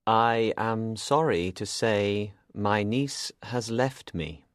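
A man voicing a calm, smooth and evasive gentleman in an audiobook. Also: lowish voice, dry recording, studio quality. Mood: regretful. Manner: calm, measured.

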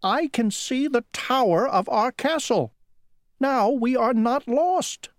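A storyteller voicing a brave, smart young elephant prince who calmly reassures the old king. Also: mid-range voice, slow pace, dry recording, studio quality, voice pushed up. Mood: eager.

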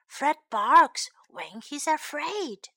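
A woman's voice: high voice, big pitch swings, very slow, bright, forceful tone, no echo, clean studio sound, full character voice. A woman voicing a small, worried boy in a children's storybook reading, speaking earnestly. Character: small anxious boy who lost his dog.

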